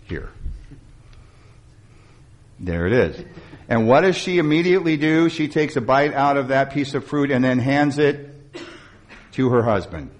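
A male pastor delivers a sermon at a mid-range pitch, retelling the story with lively, animated storytelling and dropping in wry asides to his listeners. He speaks a little slowly and pauses often.

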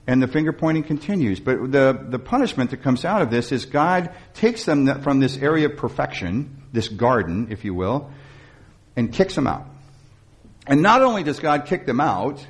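A male pastor delivers a sermon at a mid-range pitch. He retells the story with lively, animated storytelling and drops in wry asides to his listeners. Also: moderate pace.

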